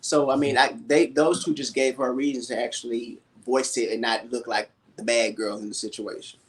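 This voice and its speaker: A man's voice: mid-range voice, flat delivery, normal speed. A man co-hosting a casual reality-TV review chat, giving blunt, opinionated takes in a matter-of-fact way. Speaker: podcast co-host.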